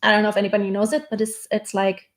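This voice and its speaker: A woman's voice: medium pitch, little pitch movement, quick pace. A woman singing teacher talking casually through a vocal lesson, breaking off to demonstrate. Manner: chatty, demonstrating by singing snippets. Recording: loud music playing behind.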